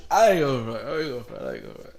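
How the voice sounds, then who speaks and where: A man's voice: mid-range voice, gravelly. A young man streaming, telling a story to his viewers in casual street slang and laughing often. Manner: animated, laughs a lot, slangy street talk.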